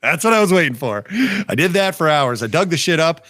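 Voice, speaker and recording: A man's voice: a little high, lively intonation, a little fast, sharp tone, no room sound. A man co-hosting a podcast, telling a long story in casual chat, swearing often and breaking into laughter. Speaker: podcast co-host.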